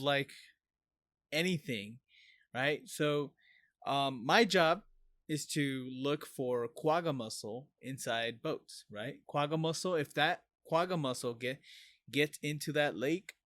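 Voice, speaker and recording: A man co-hosting a podcast, telling stories in a casual, profane, animated way. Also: mid-range voice, slow pace, no room sound. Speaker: podcast co-host. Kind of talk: casual chat.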